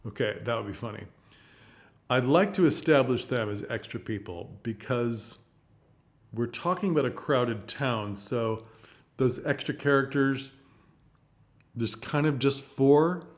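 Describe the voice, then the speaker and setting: A man giving a casual spoken review of a stage play, rambling and thinking aloud with animated asides. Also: mid-range voice, a little slow, long pauses. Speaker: theater reviewer.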